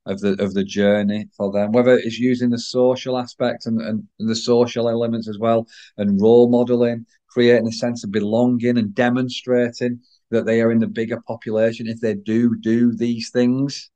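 A man with a croaky voice talking to listeners as a business coach, earnest and repetitive. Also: mid-range voice, level tone, normal speed, warm tone, dull audio. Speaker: podcast host, business coach. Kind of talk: solo talk to listeners.

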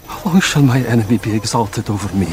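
A man's voice: fairly low pitch, quick pace, background noise, natural voice. A man playing a troubled, sorrowful man in a TV drama, speaking earnestly with a Middle Eastern accent. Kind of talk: TV drama dialogue.

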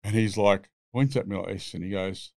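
A man's voice: lowish voice, fairly quick, vocal fry, mellow, no echo, studio quality. A man, telling rambling, swear-filled stories as a podcast guest. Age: 60s. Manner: profane, rambling anecdotes. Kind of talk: casual storytelling.

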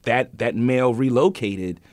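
A man's voice: mid-range voice, a little slow, darkish tone, no echo. A man hosting a news podcast, reading stories and then chatting about them with many fillers and restarts. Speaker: podcast host.

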